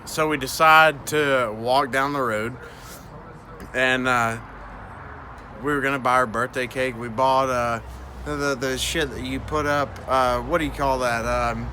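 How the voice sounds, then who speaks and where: A man's voice: mid-range voice, steady tone, a little slow, a little hiss or hum. A tipsy man telling a profane, rambling story, full of fillers and restarts. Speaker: guest storyteller. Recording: loud music playing behind. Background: loud music.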